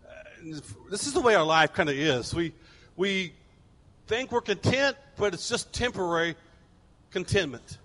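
A pastor preaching a sermon, telling stories animatedly and acting out people's voices. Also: male voice, sits high, lively intonation, measured pace, long pauses, fairly bright tone, long reverb tail.

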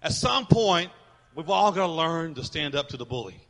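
A man preaching a sermon in a large church, fervent and emphatic, sometimes rising to shouts. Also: fairly high pitch, lively intonation, normal speed. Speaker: pastor. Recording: long reverb of a church hall.

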